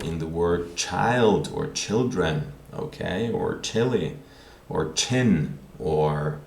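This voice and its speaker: A man's voice: low-pitched, gravelly, a little hiss or hum. A man teaching a language lesson on video, patient and repeating words as he thinks aloud. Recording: roomy echo.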